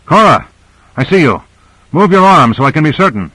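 A man's voice: on the high side, very animated, moderate pace, sharp tone, breathy edge, no echo, pitched above the performer's own voice, heavily acted, poor audio. A man voicing an adult male rescuer who calls out in a raised, reassuring voice, in a read-aloud story. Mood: calling out.

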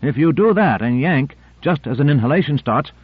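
Man playing a calm, reassuring officer. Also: a little high, normal speed, breathy edge, no room sound, pitched above the performer's own voice. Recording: narrow-band dry tape recording.

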